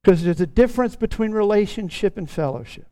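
A middle-aged man preaching a sermon in an earnest tone, stretching out key words slowly for emphasis. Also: sits high, lively intonation, warm tone, dry recording. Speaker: pastor.

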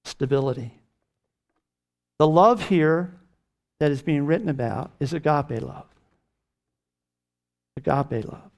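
A man delivering a sermon at a measured pace, stressing key words by rising in pitch and volume. His voice sits a little higher than most men's. The delivery is steady and emphatic. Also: gravelly. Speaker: pastor.

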